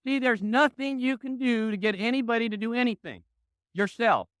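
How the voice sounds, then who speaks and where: Guy with a high smooth voice pumping up a crowd, acts out phone calls, dry sound. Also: normal speed, fairly bright tone, no room sound. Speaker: motivational speaker. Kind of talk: motivational talk to an audience.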